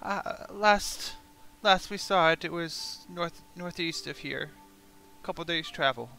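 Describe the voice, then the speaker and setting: A man's voice: fairly high pitch, slow, sharp tone, soft background music, full character voice. A man voicing a terrified captive male goblin who stammers and repeats himself as he pleads. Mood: nervous. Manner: stammering, panicky repetitions.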